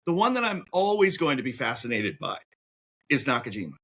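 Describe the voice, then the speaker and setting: A man hosting a podcast in casual chat, talking excitably and swinging his pitch up and down. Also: fairly quick. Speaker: podcast host.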